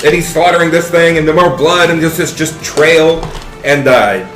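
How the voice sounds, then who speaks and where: Male game master, animated and profane, fairly high voice, echoey room with music. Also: normal speed. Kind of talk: narrating a tabletop game.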